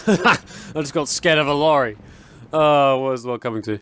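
A man's voice: fairly high pitch, moderate pace, a bit bright. A young man giving casual, rambling commentary while playing a horror game, often yelping and laughing at jump scares. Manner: chatty, rambling, easily startled, yelps and laughs at jump scares. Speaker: gaming channel host.

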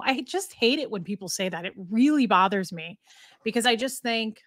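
A woman's voice: fairly high pitch, brisk, a bit bright, no room sound. Woman host, casual stream chat, chatty storyteller, dry close sound. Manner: chatty, storytelling, cooing to her dog. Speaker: livestream host. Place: home.

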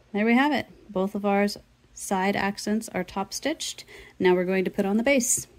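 A woman's voice: fairly low pitch, a little mellow. A woman teaching a sewing tutorial, casually talking the viewer through each step. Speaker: sewing instructor.

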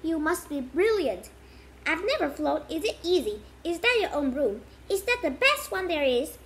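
A woman reading the part of an eager, chatty young boy who fires off excited questions. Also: extremely high pitch, moderate pace, slight background noise, full character voice.

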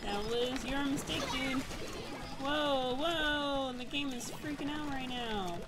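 A woman's voice: sits high, slow, low-quality recording. A woman giving reactive gameplay commentary, often exclaiming and laughing at the game. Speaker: gamer. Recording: game music behind the voice.

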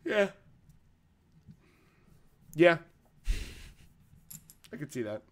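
A man's voice: fairly high pitch, big pitch swings, very slow. Laid-back man hosting a podcast. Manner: laid-back, swears casually. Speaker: podcast host. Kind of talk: casual podcast chat.

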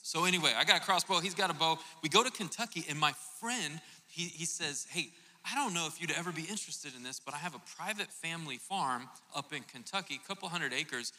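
A male pastor from Florida telling a lively, joking story during a sermon. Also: on the high side, fairly quick. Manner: animated storytelling, jokey asides. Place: church auditorium. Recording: reverberant church hall.

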